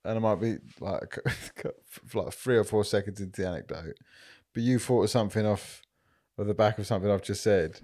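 A man's voice: on the low side, a little fast, few pauses, warm tone. A man co-hosting a podcast, chatting casually, teasing his friend and laughing easily. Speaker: podcast co-host. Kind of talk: casual chat.

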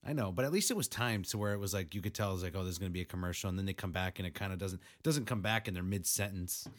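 A man's voice: sits low, very fast. New guy cohosting a podcast, blunt, jokey, swears a ton. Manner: blunt, swears a lot, joking. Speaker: podcast co-host. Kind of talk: casual chat.

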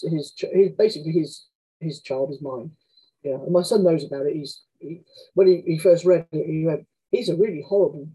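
Woman, author guest; dark, husky, candid storyteller. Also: low-pitched, poor audio. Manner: frank, chatty, often acts out quoted dialogue. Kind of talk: candid conversational anecdotes.

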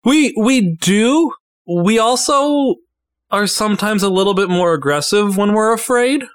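A woman's voice: medium pitch, animated, a little slow, dry recording, studio quality. A woman playing a tabletop role-playing game, speaking hesitantly and often repeating her words. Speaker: player. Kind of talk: casual tabletop role-play.

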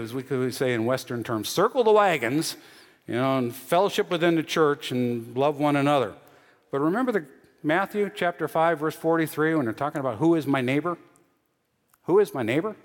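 A man preaching a sermon as pastor, teaching earnestly and often repeating or restarting phrases. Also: on the high side. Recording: long hall reverb.

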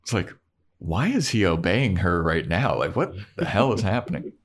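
A man's voice: sits low, moderate pace, slightly rough. A man co-hosting a podcast, retelling a TV episode in casual chat and acting out the scenes as he goes. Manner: animated storyteller acting out scenes. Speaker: podcast co-host.

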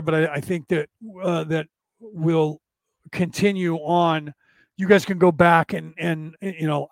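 This man's voice is fairly high and the recording is dry. Hosting a podcast, he explains a text in a casual, meandering manner, often starting over, correcting himself, and tacking on "right?" as a check-in.

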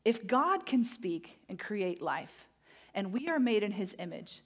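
Animated woman preaching a sermon. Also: mid-range voice, slightly rough. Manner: animated storytelling, acting out moments; slow emphatic phrasing on key points. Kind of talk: sermon with personal storytelling.

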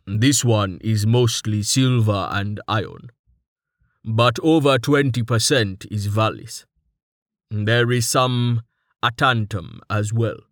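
A stoic armored warrior, as a man voices him, heavy and deliberate, every word formal and unhurried. His voice sits low and very slow, recorded dry and close. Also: no room sound. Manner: slow, measured and formal, no contractions. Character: stoic, dryly humorous armored male warrior.

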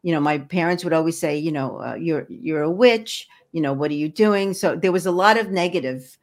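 Low-voiced woman, earnest energy healer. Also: a little fast. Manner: earnest, encouraging, with frequent restarts. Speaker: guest, energy healer and hypnotherapist. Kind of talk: podcast interview conversation.

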